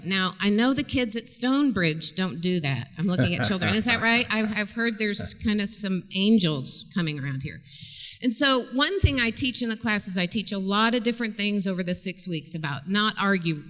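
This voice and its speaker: A middle-aged woman gives a chatty, animated talk in a church, telling stories, acting out voices and laughing often. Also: mid-range voice. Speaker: guest speaker and parenting teacher. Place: church sanctuary stage. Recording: long reverb in a large church.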